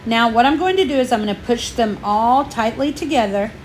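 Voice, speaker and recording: A woman's voice: on the high side, a little fast. A woman, slightly out of breath, chatting through a step-by-step craft tutorial for her channel. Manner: chatty, homey, explains each step.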